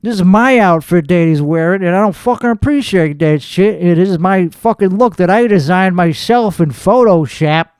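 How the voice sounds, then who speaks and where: High-voiced, foul-mouthed ranting man. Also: animated, normal speed, hardly any pauses, darkish tone, smooth, dry recording, studio quality. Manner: profane, boastful, aggrieved. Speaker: podcast host. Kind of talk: comedic rant.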